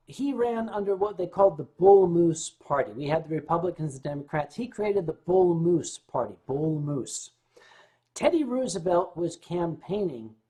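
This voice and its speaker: In casual conversation with his viewers, a male livestream host answers chat and tells stories with big changes in pitch and loudness. Once the subject becomes serious, he stumbles and restarts.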